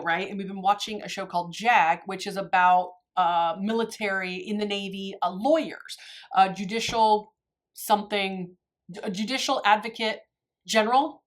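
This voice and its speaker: A woman films a casual makeup tutorial and chats straight to her viewers. She rambles from product to story, pokes fun at herself, and laughs easily, at a medium pitch for a woman. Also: a bit bright. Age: adult, married. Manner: chatty, rambling, self-deprecating, laughs often. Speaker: beauty YouTuber.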